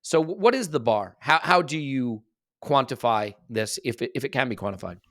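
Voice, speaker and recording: An American man hosting a casual podcast chat, rambling along with self-deprecating asides. His voice sits at a middling pitch and is recorded close and dry, with almost no room sound. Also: lively intonation, moderate pace, fairly bright tone, dry recording. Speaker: podcast host.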